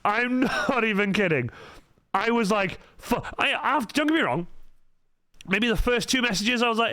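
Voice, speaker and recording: Lively, foul-mouthed guy streaming. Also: high-pitched, unhurried, no room sound. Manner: animated, swears constantly, mutters asides while working. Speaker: cosplay livestreamer. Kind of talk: casual livestream chat while painting. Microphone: studio microphone. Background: faint background music.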